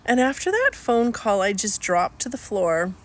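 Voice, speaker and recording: A middle-aged woman speaking candidly in a personal video, slow and searching, rambling with fillers. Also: mid-range voice, sing-song. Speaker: healing coach.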